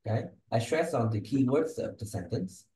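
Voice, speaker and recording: A man's voice: medium pitch, expressive, normal speed, warm tone, roomy sound, slight background noise, poor audio. A man teaching English and giving exam feedback, with a patient, explanatory manner and frequent check-ins. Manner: patient, explanatory, tags sentences with "okay?" and "huh?".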